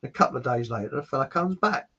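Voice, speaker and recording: A man's voice: medium pitch, expressive, quick pace, sharp tone, slight background noise. A man from southern England in rambling casual chat, telling long jokes and laughing at them. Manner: chatty, tells long jokes, laughs at own jokes. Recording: dull lo-fi sound.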